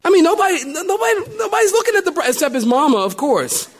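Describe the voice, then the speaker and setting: Animated, high-pitched preacher telling a story. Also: male voice, fast, few pauses, slight background noise. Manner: storytelling with wide swings between loud exclamations and hushed asides. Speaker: pastor. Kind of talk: sermon.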